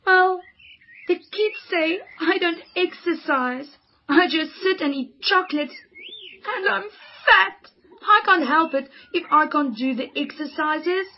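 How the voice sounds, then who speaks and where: A woman's voice: very high-pitched, slight background noise. A woman voicing a tearful, self-conscious young schoolgirl who sobs as she talks, in a children's radio drama, with a slightly dull lo-fi sound. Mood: upset. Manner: sobbing, halting speech.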